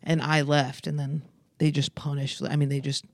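A woman comedian who is a podcast guest, telling rambling stories with quick asides. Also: low-pitched, level tone, creaky. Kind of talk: casual chat.

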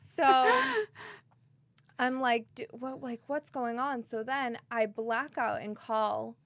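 A young woman with a Boston accent tells a story on her podcast, her high voice close and dry. She acts out every scene with lots of drama. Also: steady tone, slow pace, no echo. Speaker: podcast co-host. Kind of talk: casual storytelling chat.

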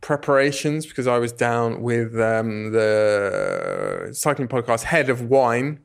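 A man co-hosts a podcast in relaxed, playful conversation. He meanders through stories with mock slang and restarts. His voice is mid-pitched and even. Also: slow pace, creaky, clean tone. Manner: playful, rambling anecdotes, mock Australian slang. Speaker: podcast co-host. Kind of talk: casual chat.

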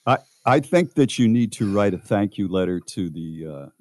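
A man's voice: fairly low pitch, animated, normal speed, darkish tone, no room sound. A man hosting a radio show, chiming in with dry, teasing jokes. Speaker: radio host. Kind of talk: casual studio banter.

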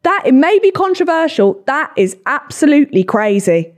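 Low-voiced sarcastic woman podcaster. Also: big pitch swings, normal speed. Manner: swearing, sarcastic, self-deprecating. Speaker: podcast host. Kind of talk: solo podcast chat, reading comments.

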